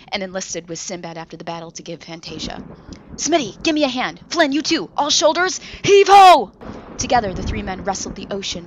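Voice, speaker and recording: A woman narrating her own story as an audiobook, in a lively, dramatic manner. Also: fairly low pitch, dull audio, background noise. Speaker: fiction reader.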